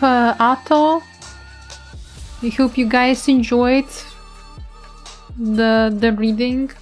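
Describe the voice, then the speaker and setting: Young woman streamer reading a story and chatting, bit high voice, soft music behind. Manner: chatty, loose, with small restarts. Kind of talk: reading a game story aloud, then casual chat.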